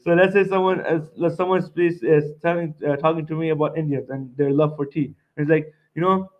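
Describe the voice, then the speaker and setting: A man's voice: a little high, steady tone, fairly quick, hardly any pauses, dull audio. A young man from Montreal giving a seminar lecture, speaking emphatically, repeating his points and tagging them with "right?". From Montreal, Canada.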